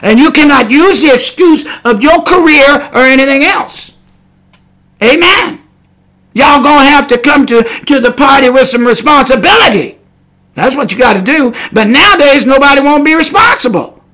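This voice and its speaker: A male preacher with a very high voice and a bright, forceful edge delivers a podcast sermon. His wording is blunt and folksy, full of rhetorical questions. He punches key words with sudden shouts. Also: expressive, normal speed.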